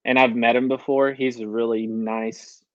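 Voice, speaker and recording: A young man rambles through an interview story, replaying his own past reactions line by line. His middle-pitched voice sounds close and dry, with a slightly dull, lo-fi tone. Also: flat delivery, moderate pace, no echo. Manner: storytelling, quoting himself with "I was like" often. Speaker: country recording artist, guest. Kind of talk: casual interview chat.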